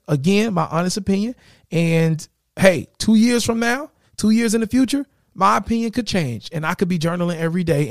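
A man's voice: on the high side, dry recording, clean studio sound. A man hosting his own podcast, talking casually in an upbeat, motivational way. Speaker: podcast host. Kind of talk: casual solo podcast talk.

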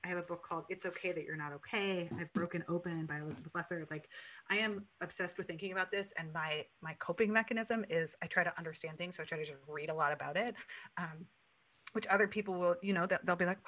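Low bright-voiced woman podcast host. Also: quick pace, rough recording. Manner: earnest and searching, many "like" fillers, voice rising when quoting herself. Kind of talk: casual conversational podcast chat.

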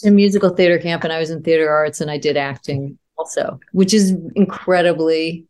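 A woman from the United States, a guest author, telling personal stories candidly in a halting way with many restarts. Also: low voice, a little mellow. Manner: halting, restarts often, acts out quoted voices.

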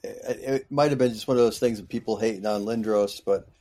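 A man's voice: on the low side, fairly quick, mellow. A man co-hosting a podcast in casual chat, easygoing and agreeable, often hedging with fillers. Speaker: podcast co-host.

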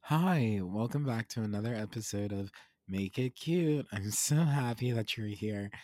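A man hosting his podcast in a casual, rambling chat, hoarse, raspy and congested from being sick, with laughs between phrases. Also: on the low side, animated, measured pace, darkish tone, no echo. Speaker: podcast host.

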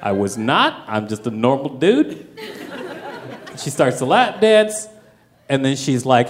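A young man doing stand-up, telling a wild story with lots of profanity and animated delivery. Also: mid-range voice, slow, long pauses, a little hiss or hum. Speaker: stand-up comedian.

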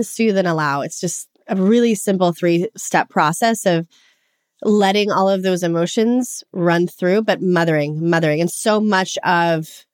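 A woman's voice: mid-range voice, no echo, clean studio sound. Earnest coach woman in her forties. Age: 40s. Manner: earnest, animated, laughs often. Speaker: guest coach. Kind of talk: podcast interview conversation.

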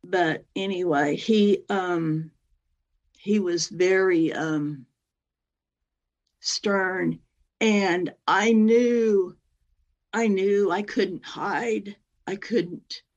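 A woman telling a personal story as a guest, animated, acting out what other people said, with many fillers. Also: medium pitch, very slow, long pauses, muffled recording. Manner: animated, acts out other people's words in quotes; rambling, with many fillers and "anyway".

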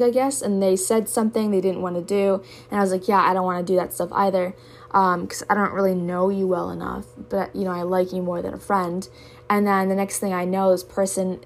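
A young woman hosting a podcast, talking candidly and emotionally in a personal monologue, swearing often. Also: mid-range voice. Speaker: podcast host.

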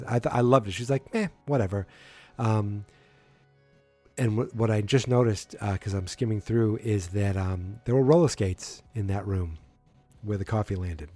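A man's voice: on the low side, dark tone, no echo. Rambling man recapping a TV episode. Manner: rambling, acts out characters' lines in passing, frequent ums. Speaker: show recap host.

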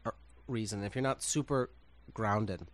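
A man who founded a fashion brand, telling an anecdote with laughter and acted-out dialogue. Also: moderate pace. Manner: lively, laughing, acts out dialogue with big pitch swings. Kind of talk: animated storytelling in conversation.

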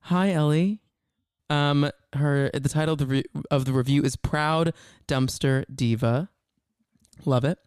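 Male podcast co-host, smooth resonant voice, dry close mic, chatty, laughs often. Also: on the high side, measured pace, a little mellow, no room sound. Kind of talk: casual chat.

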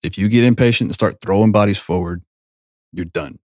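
A man's voice: lowish voice, fairly quick, a little mellow, no room sound, studio quality. A man co-hosting a casual podcast, talking emphatically and giving advice with some swearing. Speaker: podcast co-host. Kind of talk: casual chat.

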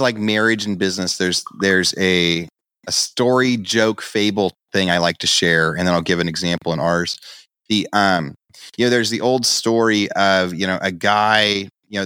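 A man's voice: sits low, normal speed, pushed and bright, smooth, no echo, studio quality. A middle-aged man co-hosting a podcast, chatting casually and telling stories that he acts out in quoted dialogue. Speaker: podcast co-host.

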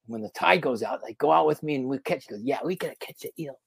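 A man guest on a podcast, telling rambling, animated stories in a casual interview. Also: on the high side, fast talker, creaky, husky, no echo. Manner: animated, rambling anecdotes with lots of fillers. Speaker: podcast guest, former reality show contestant.

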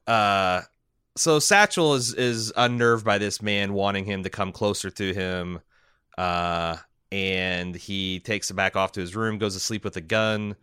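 Low, bright-voiced podcast host. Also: male voice, fairly even intonation, clear, resonant tone, no echo, studio quality. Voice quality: halting, many fillers and restarts. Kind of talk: casual podcast chat, reading listener mail.

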